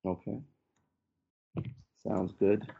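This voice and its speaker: A man running a tabletop game as game master, narrating in a relaxed, halting way. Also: fairly low pitch, gravelly, a little hiss or hum. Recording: muffled lo-fi audio.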